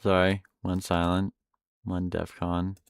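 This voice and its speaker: A man's voice: low-pitched, completely flat delivery, takes it slowly, creaky, clear, resonant tone, no echo, studio quality. A male streamer chatting offhand and rambling, with profanity, between game clips. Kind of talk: casual live-stream chat.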